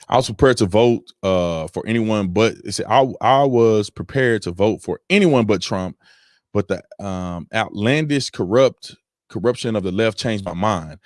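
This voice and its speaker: A man in his thirties hosting a casual livestream from home, reading viewer comments and telling stories with lively, animated delivery. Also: normal speed, no echo, clean studio sound. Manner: animated storytelling, voice jumps high when excited. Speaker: livestream host reading super chats.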